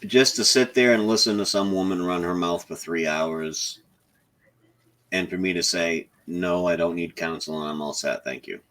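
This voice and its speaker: A man with a Southern drawl, co-hosting a live stream in slow, easygoing casual chat. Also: sits low, a bit bright. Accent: American Southern drawl.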